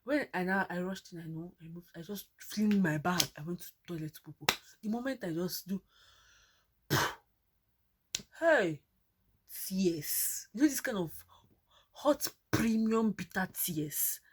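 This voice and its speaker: A woman's voice: on the low side, unhurried, pauses often, a little hiss or hum. A young woman with a Nigerian accent telling a personal story in a casual, dramatic way, often repeating herself for emphasis. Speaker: vlogger.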